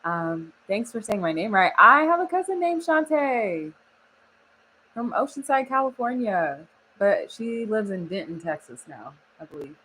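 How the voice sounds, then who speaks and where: A woman's voice: mid-range voice, sing-song, unhurried, bright, forceful tone, a little hiss or hum, poor audio. A young woman from Oklahoma chatting casually on a live stream, laughing often and reading the chat aloud. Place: home studio.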